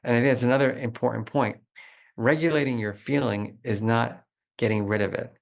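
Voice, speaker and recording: A middle-aged man talking as a guest expert in an interview, animated and explanatory, with lots of "like" fillers. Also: mid-range voice, a little fast, creaky. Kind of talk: conversational interview.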